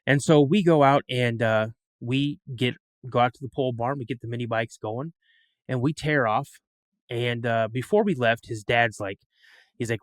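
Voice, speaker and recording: A man's voice: mid-range voice, fairly even intonation, normal speed, smooth, dry recording. Man, middle-aged, podcast guest, rambling storyteller, frequent restarts, dry recording. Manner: rambling, repeats words and restarts. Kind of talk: storytelling in an interview.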